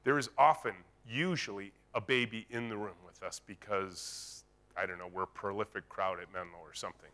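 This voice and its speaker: A man's voice: lowish voice, a little fast, bright, forceful tone. A man giving a conference keynote, telling a story and acting out the dialogue in it. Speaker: keynote speaker. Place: conference stage.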